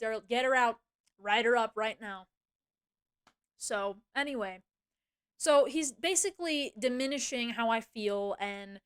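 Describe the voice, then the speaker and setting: A woman's voice: on the high side, a bit bright. A woman streamer venting in casual chat, ranting and swearing, with many fillers and restarts.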